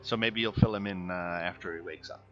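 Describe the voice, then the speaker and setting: A man running a tabletop game as dungeon master, talking in a relaxed way with many fillers and chuckles. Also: low voice, fairly quick, lo-fi sound, soft background music.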